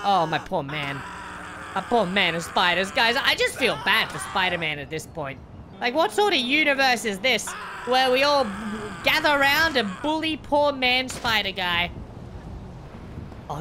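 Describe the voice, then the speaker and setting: A woman's voice: a little high, background noise. A woman giving playful, jokey reaction commentary as a video host, full of exclamations.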